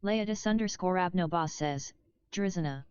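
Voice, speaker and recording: A text-to-speech woman's voice reading out chat messages in a flat, even way. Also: on the low side, normal speed, clear, resonant tone, dry recording, muffled recording.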